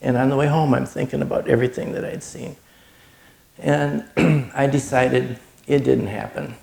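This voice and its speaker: Middle-aged man, charity speaker, earnest storyteller; heavy vocal fry, mid pitch. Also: fairly even intonation, normal speed, a little mellow. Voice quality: gravelly. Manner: earnest storytelling, gets choked up. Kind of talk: personal testimony talk.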